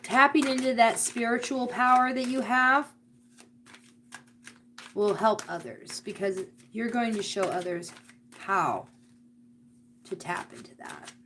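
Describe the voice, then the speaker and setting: Woman card reader, higher voice, earnest and spiritual, addressing the viewer; faint background hum. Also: slow pace, pauses often, fairly bright tone. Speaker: tarot and oracle card reader. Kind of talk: live astrology card reading.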